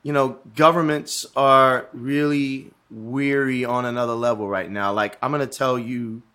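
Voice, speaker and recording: A man's voice: medium pitch, fairly even intonation, a little slow, sharp tone, clean tone. A man in casual podcast chat, telling travel stories in a rambling way with frequent swearing. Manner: rambling, swears, restarts often. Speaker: guest.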